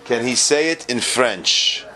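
A man teaching a Talmud class, asking and answering his own questions in an animated way, with many Hebrew and Aramaic terms. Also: medium pitch, slow pace.

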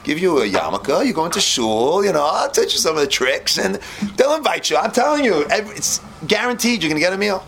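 A man's voice: high-pitched, big pitch swings, fast, fairly bright tone, slight background noise, voice pushed up, heavily acted. A man voicing a cheerful, scheming male beggar who coaxes his friend along in a raised voice. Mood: coaxing. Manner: upbeat, coaxing, raised voice.

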